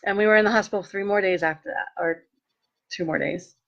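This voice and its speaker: A woman telling a personal story in a lively way, acting out what people said and turning earnest when she speaks of faith. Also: medium pitch, a little fast, lo-fi sound. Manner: animated, acts out quoted dialogue. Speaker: vlogger sharing a personal testimony.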